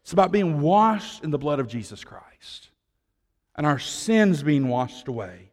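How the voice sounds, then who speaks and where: A man preaching a sermon as pastor, swinging from loud declarations to hushed tones, with conversational asides to the congregation. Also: a little high, sing-song, measured pace, big-room sound.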